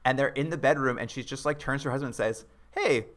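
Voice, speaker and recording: A man's voice: medium pitch, very fast. A man co-hosting a casual comedic chat, retelling a show's plot and mocking its characters in put-on voices. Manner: animated storyteller, acts out characters in mocking voices. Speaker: podcast co-host.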